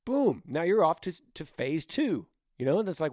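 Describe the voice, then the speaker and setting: A middle-aged man hosting a casual advice podcast, animated and acting out both sides of conversations as he answers listener questions. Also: on the high side, normal speed, dry recording, clean studio sound. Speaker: podcast host.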